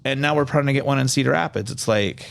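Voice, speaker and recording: A man from Iowa hosting a podcast, talking casually in an animated, rambling, opinionated way. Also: mid-range voice, quick pace, gravelly, slight background noise. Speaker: podcast host. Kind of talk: casual chat.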